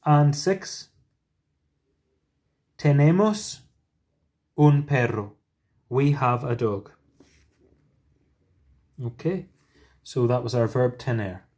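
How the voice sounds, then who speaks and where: Man, mid-pitched, unhurried teacher voice for a recorded lesson. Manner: patient, explains step by step with gentle asides. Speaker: Spanish teacher.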